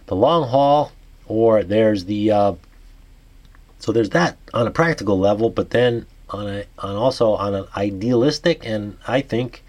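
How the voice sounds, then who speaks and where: A man with a New York accent, his voice sitting on the low side. He reads an article aloud and then thinks out loud in a halting way. He restarts his sentences often and trails off into fillers. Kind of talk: reading articles and musing aloud.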